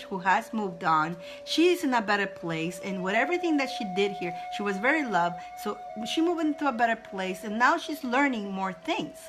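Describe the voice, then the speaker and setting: A woman with a medium-pitched, fairly bright voice hosts a live stream of spiritual readings. She's emotional and effusive, laughing often and speaking directly to her viewers.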